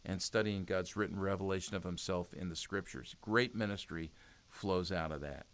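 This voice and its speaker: A man with a somewhat low voice talks as an interview guest. He speaks earnestly and urges his listeners on, often stopping to restart his sentences. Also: normal speed, fairly bright tone. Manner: earnest and exhortative, with frequent restarts. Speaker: podcast guest, youth ministry speaker. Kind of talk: conversational interview.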